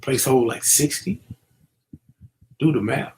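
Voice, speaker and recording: A man's voice: medium pitch, animated, slow, a little hiss or hum. A middle-aged man giving casual, preachy commentary, using street slang and many fillers as he warns young people. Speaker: vlogger.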